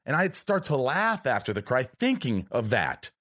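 A man hosting a podcast, chatting casually in a lively voice that rises and falls a lot. He swears freely and acts out his own inner voice as he talks. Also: mid-range voice, moderate pace, no echo. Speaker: podcast host. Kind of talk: casual chat.

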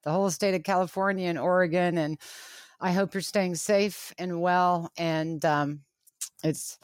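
A woman's voice: fairly low pitch, fairly even intonation, unhurried, no echo, studio quality. A middle-aged woman, a guest on an interview show, speaking earnestly and with emphasis, often restarting her phrases. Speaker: author and guest. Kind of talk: radio interview.

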